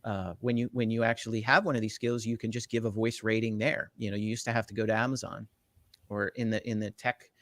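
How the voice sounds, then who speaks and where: A middle-aged man talks tech in a keen, rambling flow, full of fillers and quick restarts. His voice sits at an ordinary pitch. The sound is close and dry, with no room echo. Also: flat delivery, a bit bright. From Jersey Shore, US. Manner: enthusiastic, rambling explainer with many fillers and restarts. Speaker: tech evangelist guest. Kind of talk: casual interview explanation.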